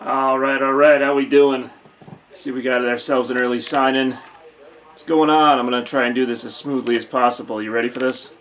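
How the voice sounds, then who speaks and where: A man hosting his own holiday livestream, speaking at a middling pitch. He talks in a playful, teasing way and repeats lines for effect. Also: flat delivery, normal speed, a bit bright. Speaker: livestream host. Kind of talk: casual livestream chat.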